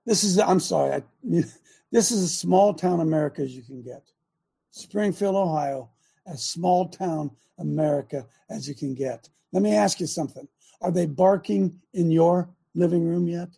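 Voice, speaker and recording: A man's voice: a little high, moderate pace, creaky, dark tone, slightly rough. A man hosting call-in talk radio, talking in a fervent, preachy way and firing off rhetorical questions.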